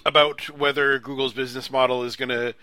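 A man's voice: medium pitch, level tone, brisk, bright, forceful tone, no room sound. Hedging man in a dry studio. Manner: thoughtful, hedging, explaining with likes and ums. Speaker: podcast co-host. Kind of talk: casual chat.

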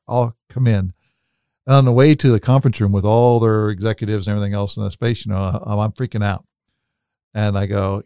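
A man's voice: fairly low pitch, a little fast, gravelly, warm tone, dry recording, studio quality. A man co-hosting a podcast, talking in a thoughtful, coaching way and telling stories from his own life. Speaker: podcast co-host. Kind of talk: reflective podcast talk.

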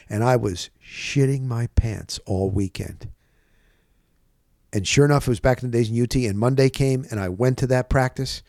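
A middle-aged man hosting a sports podcast, telling stories in an animated way and acting out what others said. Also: no room sound, studio quality. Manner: animated storyteller, acts out quotes with big pitch jumps. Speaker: podcast host, sports reporter. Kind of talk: storytelling on a podcast.

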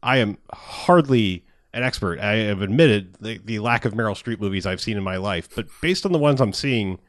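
A man's voice: fairly low pitch, animated, normal speed, no echo, studio quality. A man co-hosting a podcast in casual chat, rambling with many fillers, laughing and swearing now and then. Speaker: podcast co-host.

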